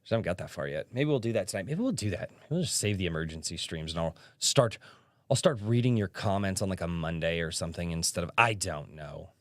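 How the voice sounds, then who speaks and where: A man's voice: deep voice, expressive, fast talker, no room sound, studio quality. A young man hosting a casual livestream podcast, telling stories and reading chat comments aloud as he talks. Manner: chatty storyteller, reads chat aloud.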